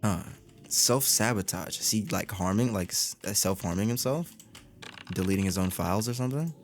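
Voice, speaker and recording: A man's voice: lowish voice, normal speed. A man giving casual, joking commentary on a game playthrough, swearing freely and rambling as he reacts. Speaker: gaming content creator.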